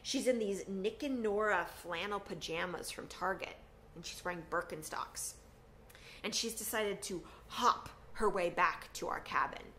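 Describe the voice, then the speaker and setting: A woman's voice: unhurried, slight background noise. A woman performing a personal story, acting out the voices of the people in it. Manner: animated, acts out quotes with big pitch swings.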